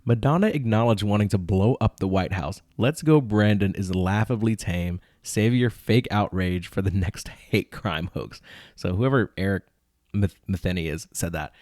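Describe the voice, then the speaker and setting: A man's voice: lowish voice, normal speed, darkish tone, no room sound, studio quality. A young man hosting a podcast, reading tweets aloud and ranting about them in an incredulous, casual way, sometimes putting on mock voices. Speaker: podcast host.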